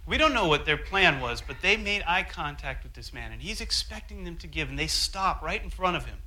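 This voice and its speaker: A man preaching a sermon, telling a story with animated asides and acting out quotes. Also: on the high side, fairly quick, rough recording. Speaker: pastor.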